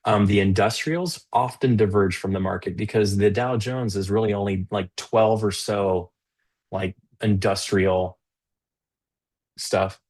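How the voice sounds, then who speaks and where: A man's voice: fairly low pitch, steady tone, measured pace, darkish tone. A man hosting a live trading stream, talking through the market casually with fillers and restarts. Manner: conversational, with many fillers and restarts; stern and scolding toward a rude chatter. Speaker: live trading show host.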